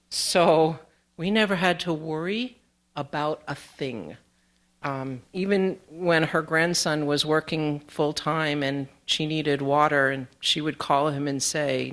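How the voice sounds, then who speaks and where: A woman with a lowish voice speaks at a very slow, unhurried pace. She addresses a theater audience gently, with halting pauses, as a community theater board president. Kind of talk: speaking at an awards event.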